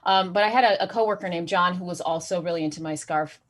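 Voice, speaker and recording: A woman's voice: fairly low pitch, fast. A woman performing a stand-up comedy set online, delivering dry punchlines and often chuckling at her own jokes. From Saudi Arabia.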